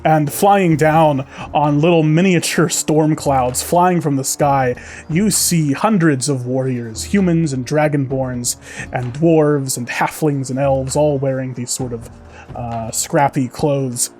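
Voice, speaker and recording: A man's voice: fairly high pitch, slow, darkish tone, soft background music. A man narrating as game master, describing scenes vividly with many fillers.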